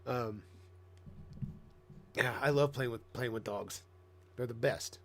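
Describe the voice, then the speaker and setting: Laid-back streamer guy, mid-pitched, swears freely, rambles. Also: slow pace. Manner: profane, rambling, bursts into excited squeaky voices mimicking himself. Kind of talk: casual live-stream chat. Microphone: headset.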